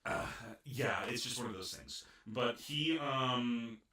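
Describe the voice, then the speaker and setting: A man's voice: mid-range voice, expressive, slow, sharp tone. A man co-hosting a podcast, retelling an anime episode in rambling casual chat with lots of restarts. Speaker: podcast co-host. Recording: echoey room.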